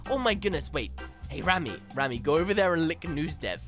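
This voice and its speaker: A man's voice: a little high, animated, fairly quick, fairly bright tone. A man giving playful, dramatic and whiny commentary while playing a video game. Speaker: gaming YouTuber. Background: game music.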